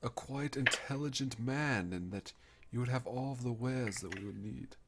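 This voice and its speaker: A man speaking quietly as a player in a tabletop game, letting lines trail off. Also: mid-range voice, moderate pace, heavy background noise. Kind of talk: tabletop game role-play.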